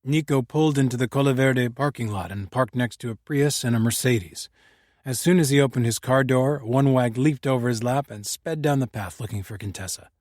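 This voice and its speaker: A man narrating a mystery audiobook in a measured, even manner. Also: mid-range voice, no echo, clean studio sound. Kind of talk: scripted narration.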